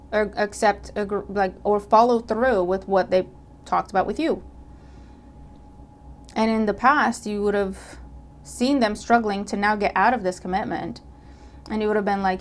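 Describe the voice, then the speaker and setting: Animated woman giving a tarot reading. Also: mid-range voice, slight background noise. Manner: animated, acts out imagined dialogue; checks in with listener, repeats herself. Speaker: tarot reader. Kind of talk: casual tarot reading to camera.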